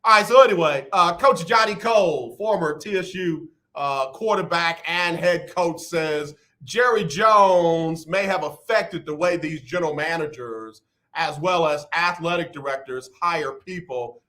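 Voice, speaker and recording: Guy hosting radio, high bright voice, rambling and animated. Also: unhurried. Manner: animated, rambling, playfully dramatic. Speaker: radio host. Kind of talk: casual radio talk. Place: radio studio.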